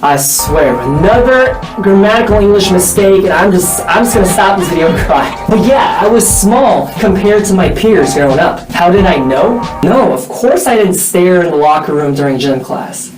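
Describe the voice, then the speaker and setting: A young man cracking jokes at his own expense as he chats to viewers, his voice swinging up and down with lively energy. He sounds a bit far from the mic in a roomy, echoey space, with music running underneath. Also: high-pitched, moderate pace, hardly any pauses. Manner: joking, playful, self-teasing. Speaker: vlogger. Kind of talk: casual vlog talking to viewers. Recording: echoey room, mic at a distance, music behind.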